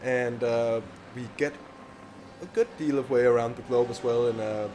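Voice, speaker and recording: A man doing live sim racing co-commentary, measured and hesitant, with many fillers. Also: medium pitch, fairly even intonation, a little mellow, slight background noise.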